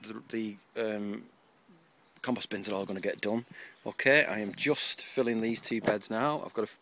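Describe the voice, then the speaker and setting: A man's voice: fairly low pitch, fairly bright tone. A man giving a chatty, rambling, self-mocking tour of his allotment, recorded outdoors on a camera mic. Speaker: allotment vlogger. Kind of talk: casual garden tour.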